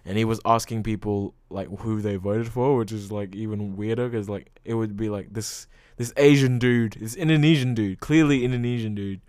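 A young man talks through a casual solo podcast in a smooth, resonant, fairly low voice. He rambles freely, leans on filler words and swears often. The sound is dry and close, with no room around it. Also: normal speed, few pauses, darkish tone, no room sound. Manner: rambling, full of "like" and frequent swearing. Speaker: podcast host.

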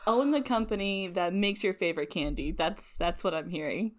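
A woman's voice: lowish voice, normal speed. Rambling giggly woman podcast host. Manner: rambling, giggly, lots of fillers. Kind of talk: casual chat.

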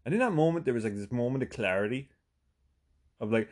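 A man's voice: mid-range voice, lively intonation, fast talker. Profane Irish man telling a story. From Ireland. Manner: profane, with sudden bursts of emphasis; chatty, with frequent "right?" asides. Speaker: podcast host. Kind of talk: comic storytelling monologue.

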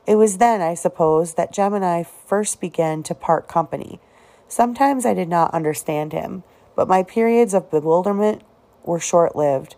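A woman reads a novel aloud in a steady, unhurried way, her voice sitting low with a noticeable vocal fry. The reading flows calmly from one sentence to the next. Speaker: audiobook reader.

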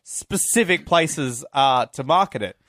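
A man co-hosting a film podcast, excitable and chatty, thinking aloud and laughing often. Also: fairly high pitch, measured pace, dry recording, clean studio sound. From Australia. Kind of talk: casual chat.

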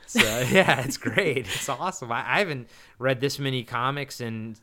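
Male podcast co-host from Maryland, middle pitch, eager and rambling, casual chat. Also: normal speed, sharp tone, a little hiss or hum. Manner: rambling and enthusiastic, with frequent restarts.

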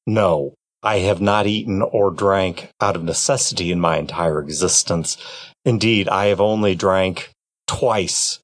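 A man playing a character in a tabletop game, speaking in a formal, flat and literal way. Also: low voice, a little slow, a little hiss or hum. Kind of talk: in-character role-play.

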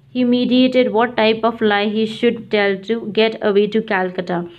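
A woman narrating a novel in a measured, even reading. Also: mid-range voice. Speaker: audiobook narrator. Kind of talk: scripted narration. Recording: dull lo-fi audiobook recording.

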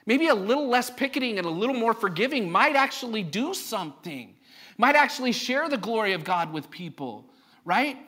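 Male pastor, casual sermon delivery, rhetorical questions to the room, bright tense tone. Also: very high-pitched, big pitch swings, moderate pace. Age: adult parent of a young child. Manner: conversational and joking, asks the congregation rhetorical questions. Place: church.

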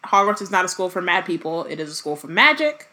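A woman voicing an old male headmaster, a calm and patient teacher, reading aloud in a plain voice. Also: on the low side, quick pace.

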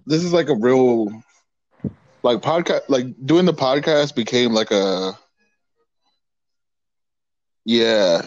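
A man's voice: medium pitch, takes it slowly, long pauses, no room sound, muffled recording. A young man co-hosting a casual podcast with a friend, easygoing and rambling. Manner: easygoing, rambling, laughs often. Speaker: podcast co-host. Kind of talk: casual chat.

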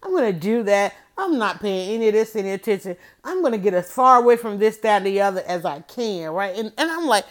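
A middle-aged woman hosting a motivational livestream, speaking in an animated, preachy way and often telling listeners to write things down. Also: mid-range voice, fairly quick, few pauses. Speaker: livestream host.

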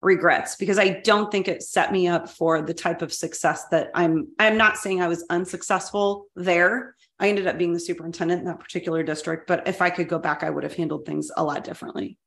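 A woman's voice: lowish voice, fairly even intonation, fairly quick, hardly any pauses, fairly bright tone, echoey room. A middle-aged woman co-hosting a podcast, telling a story from her working life in a candid, self-deprecating way. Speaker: podcast co-host, former school superintendent. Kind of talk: casual storytelling interview.

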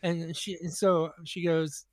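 A man's voice: a little high, level tone, slow, darkish tone, no room sound. A man on a podcast, telling a rambling, profane story in casual chat, full of restarts.

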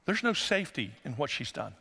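A male pastor, preaching a sermon and telling stories, sometimes acting out voices in a high falsetto. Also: sing-song, fairly quick, creaky, sharp tone, husky. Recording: long hall reverb.

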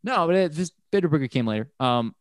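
A man rambles through casual talk about a favorite band, swearing freely and speeding up when he gets worked up. His voice is smooth and resonant. It sits close and dry, with no room sound. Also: a little high, quick pace, no room sound. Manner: rambling, profane, animated when excited. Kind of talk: casual music chat.

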